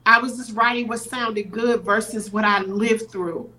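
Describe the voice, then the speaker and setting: Podcast guest, woman, middle-aged, slightly high voice, earnest and teary storytelling. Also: steady tone, a little slow, sharp tone, poor audio. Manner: earnest, acts out quoted voices. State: teary-eyed. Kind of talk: emotional storytelling.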